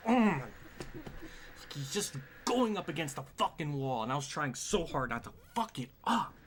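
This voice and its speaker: A male streamer plays a racing game live, very animated and exasperated, swearing often at the game at a moderate pace. His pitch jumps all over as he mutters and laughs under his breath, with room noise sitting beneath his voice.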